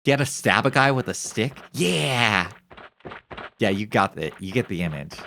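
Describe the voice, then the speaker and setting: A man's voice: lowish voice, animated, fast, noisy background. A young man streaming, chatting casually in rambling, profane, joking banter. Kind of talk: casual chat on a live stream.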